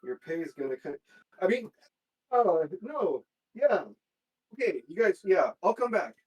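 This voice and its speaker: A man's voice: high voice, very animated, measured pace, darkish tone, low-quality recording. A man voicing an evasive, scheming male patron in a tabletop role-play, hedging with fillers.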